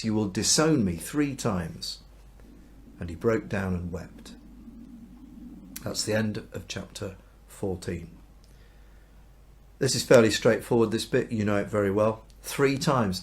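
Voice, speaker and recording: A man, a minister reading and explaining a Bible passage in a chatty, informal way, jumping into high, agitated voices for the people in the story. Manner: acts out the voices of the story with sudden high outbursts; conversational and informal. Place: church or home during lockdown.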